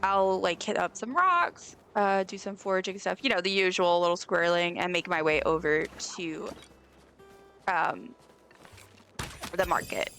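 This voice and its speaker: A woman's voice: lowish voice, a little slow, fairly bright tone, faint music behind. A young woman from the States, chatting casually and rambling with lots of fillers while she plays a game on a live stream. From Southern United States.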